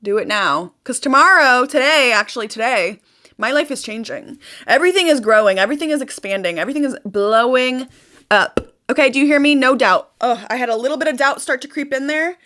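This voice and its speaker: A young woman vlogging about manifestation, talking in an emphatic, animated way and repeating herself for effect. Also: high voice, fairly quick. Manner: animated, emphatic, repetitive, swears casually. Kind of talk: casual motivational vlog.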